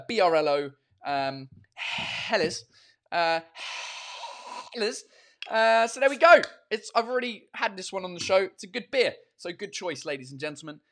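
A man's voice: high voice, fairly bright tone. Rambling, foul-mouthed man hosting his show. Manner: rambling, swears freely, self-mocking. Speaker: podcast and live show host. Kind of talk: casual podcast chat.

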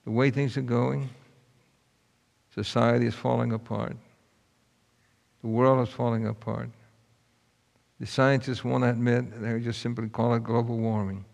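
A preacher tells a story in a folksy, earnest way, his voice gravelly at mid pitch. The sound carries a long reverb from a large hall. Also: little pitch movement, unhurried, long pauses, darkish tone. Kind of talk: sermon storytelling.

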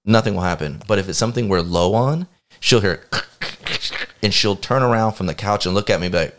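A man's voice: fairly low pitch, brisk, fairly bright tone. A man co-hosting a podcast, telling exasperated, profane stories in casual chat. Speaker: podcast co-host.

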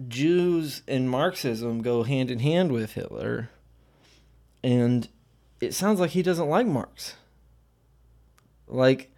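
A man's voice: mid-range voice, a little mellow. A man streaming casual commentary while reading aloud, rambling with many fillers and blunt profanity.

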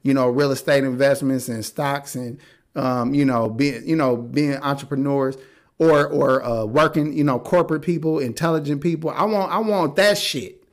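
A podcast host with a mid-range voice speaks at a normal speed. His casual chat is blunt, profane and full of strong opinions.

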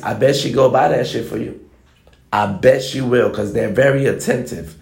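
A man's voice: mid-range voice, moderate pace, gravelly, a little mellow. Blunt, lecturing man in an echoey room. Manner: blunt, emphatic, lecturing, repeats himself. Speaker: motivational vlogger. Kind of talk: preachy monologue to the camera.

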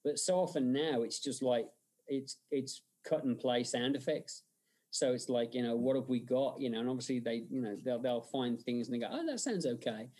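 A man's voice: medium pitch, moderate pace. A man being interviewed, telling stories animatedly with frequent laughs and fillers. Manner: animated storyteller, laughs often, many fillers. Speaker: special-effects artist and director, guest. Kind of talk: casual interview.

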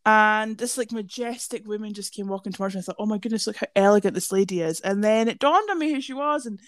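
Talking fast in a medium-pitched voice, this young podcast co-host spins animated stories in a chatty way, cursing liberally, with no echo on the recording.

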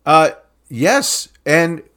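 A man's voice: on the high side, sing-song, very slow, fairly bright tone. A man chatting casually as a podcast co-host, laughing often and restarting his sentences. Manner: laughs often, repeats himself when starting sentences. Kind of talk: casual chat.

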